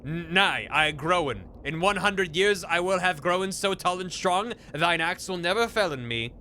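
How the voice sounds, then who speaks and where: A man's voice: high voice, lively intonation, measured pace, pushed and bright, a little hiss or hum, exaggerated voice. A man voicing a guilty talking tree in a game, speaking in smug mock-archaic phrasing. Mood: sly.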